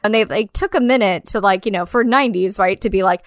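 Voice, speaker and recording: A woman's voice: mid-range voice, fast, dry recording, studio quality. Rambling woman chatting about a film. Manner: rambling, full of "like" fillers, quotes people in a put-on voice. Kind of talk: casual chat about a film.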